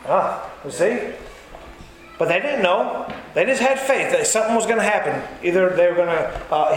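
A man preaches in a folksy, conversational sermon, throwing in quick asides. His voice sits very high for a man. The sound bounces around a very echoey church hall with a faint hum of room noise. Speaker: pastor.

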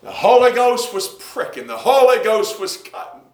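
Dramatic preacher, echoey church. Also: male voice, sing-song, normal speed. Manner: rhythmic, swinging between hushed lows and shouted peaks.

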